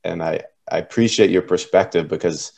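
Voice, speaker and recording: A man's voice: sits low, fairly quick, vocal fry, darkish tone. A man hosting a podcast interview, asking questions in an easygoing way with frequent affirming murmurs. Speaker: podcast host. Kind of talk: casual interview talk.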